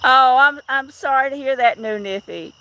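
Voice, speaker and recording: A woman's voice: high voice, moderate pace, pushed and bright. A middle-aged woman chatting on a casual outdoor live stream, rambling and greeting viewers by name. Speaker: livestream host.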